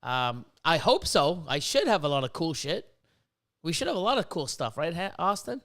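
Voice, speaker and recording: A man with a high voice that jumps all over the place hosts a casual podcast chat. He rambles and swears freely, telling stories with a lot of energy. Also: moderate pace. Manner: profane, rambling, animated storytelling. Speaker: podcast host.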